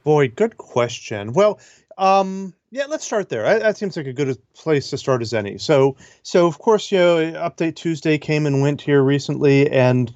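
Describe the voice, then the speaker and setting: A male tech guest with an average-pitched voice who explains things casually and slips in dry, sarcastic asides. His voice comes through a dull, muffled line with no room sound. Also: lively intonation, normal speed, darkish tone, dry recording. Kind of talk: casual interview.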